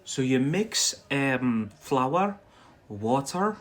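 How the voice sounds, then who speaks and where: A man with a Scottish-influenced accent teaches English on a casual livestream, speaking in a mid-range, sing-song voice. He's chatty and loose, talks straight to his viewers, and stretches out and repeats key words for them.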